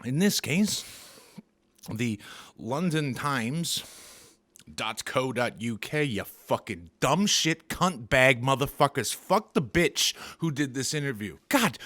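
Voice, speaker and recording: A man's voice: medium pitch, lively intonation, slow pace, pushed and bright. A man doing an angry, profane, sarcastic comedy rant as a vlogger.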